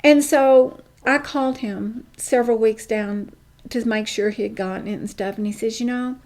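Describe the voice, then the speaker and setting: A middle-aged woman guest telling a personal story in an interview, emphatic and animated, acting out the dialogue. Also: fairly high pitch, moderate pace.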